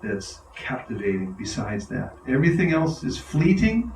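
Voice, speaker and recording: A man's voice: mid-range voice, moderate pace, slight background noise. A man giving an enthusiastic devotional talk to a live audience, often laughing as he tells stories. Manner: enthusiastic, laughing, animated storyteller. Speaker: spiritual teacher. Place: large room with a live audience. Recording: roomy hall, mic far off.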